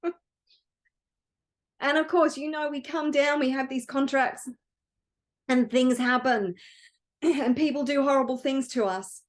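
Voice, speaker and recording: Brief: earnest woman coach, heartfelt motivational talk, high voice. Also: fairly even intonation, a little slow. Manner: earnest and emotional. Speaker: wealth coach.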